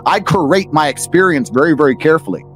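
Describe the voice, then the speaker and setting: Brash British man, podcast guest, rapid lively delivery, faint music behind. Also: fairly high pitch. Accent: British English. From England. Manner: brash, profane, emphatic. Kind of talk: blunt storytelling and ranting.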